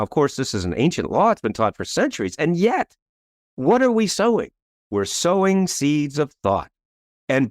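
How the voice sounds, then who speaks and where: An animated man in his fifties whose voice swoops widely as he tells his story, pitched a touch above most men. He talks like a seasoned coach on a podcast, emphatic and salesy. He keeps checking in with a quick rhetorical question, and the sound stays close and dry. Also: no room sound. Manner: animated, tags points with rhetorical "right?"; chuckles between points, salesy and emphatic. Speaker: coach and author, guest.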